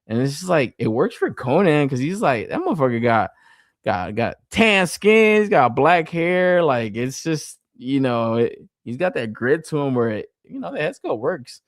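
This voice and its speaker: Male podcast co-host, lively pitch, dry close sound, profane and animated. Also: normal speed, no echo. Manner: profane, animated, laughs often. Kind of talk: casual toy review chat.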